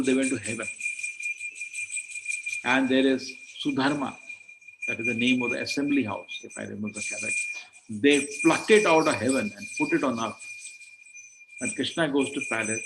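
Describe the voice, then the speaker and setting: A man's voice: medium pitch, gravelly. A man with an Indian accent giving a sermon on scripture, telling stories, acting out little dialogues and asking rhetorical questions. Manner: storytelling, acts out dialogues, asks rhetorical questions. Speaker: scripture lecturer. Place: temple hall. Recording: noisy livestream recording.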